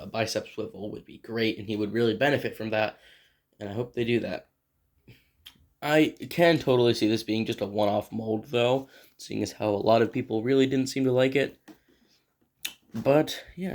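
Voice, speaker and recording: A man's voice: mid-range voice, normal speed, darkish tone. Rambling man reviewing a toy. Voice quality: clears throat often. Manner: rambling and unscripted, thinks aloud while handling a toy. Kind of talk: casual toy review vlog.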